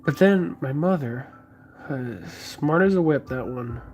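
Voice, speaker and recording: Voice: medium pitch, expressive, slow, darkish tone. A vlogger chatting casually while sculpting, rambling and joking with lots of fillers. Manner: rambling and jokey, many fillers.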